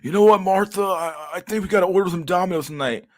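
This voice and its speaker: A man's voice: high-pitched, fast, pitched above the performer's own voice, close to an everyday voice. A man doing a brash, jaunty husband voice. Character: eager husband ordering pizza on credit.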